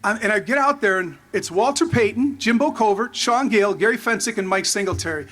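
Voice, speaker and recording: A man in his fifties speaks at a podium at a stadium memorial, his voice pitched notably high. He tells his story with animated excitement, jumping into the voices of the people he quotes, then stumbling and restarting as he goes. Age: 50s. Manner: halting, restarts often. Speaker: former player giving a tribute. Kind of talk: storytelling memorial tribute speech.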